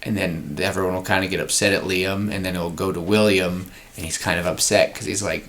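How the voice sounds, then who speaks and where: A man with a fairly low voice hosts a relaxed podcast chat. He rambles loosely through ideas and laughs often. He breaks off now and then to act out bits of a scene. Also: brisk, few pauses. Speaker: podcast host pitching story ideas. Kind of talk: casual chat.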